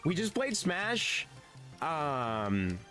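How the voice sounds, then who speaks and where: Man streamer, slightly high voice, swinging pitch, rambling laid-back chatter, game music playing behind. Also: huge pitch swings, drawn-out words, sharp tone. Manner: rambling and laid-back, swears, says "dude" often. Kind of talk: casual gaming stream chat.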